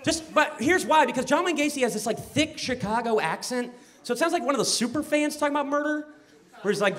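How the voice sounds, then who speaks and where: A man's voice: extremely high pitch, very animated, moderate pace, crowd noise. A man doing a brash, crude stand-up set on a club stage, chuckling at his own jokes. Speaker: stand-up comedian. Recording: noisy live club recording.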